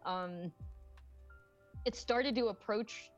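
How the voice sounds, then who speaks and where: A woman's voice: mid-range voice, drawn-out words, lo-fi sound, soft background music. A woman co-hosting a podcast in casual chat. She rambles, uses lots of fillers and swears freely. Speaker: podcast co-host.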